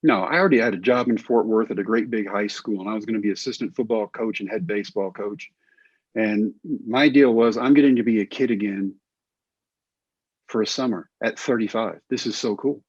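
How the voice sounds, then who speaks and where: A middle-aged man from Texas, a former baseball pitcher, telling stories in a casual interview and acting out the voices of other people. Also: a little fast, slightly rough, no room sound, highs cut off. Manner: animated, acts out quoted voices.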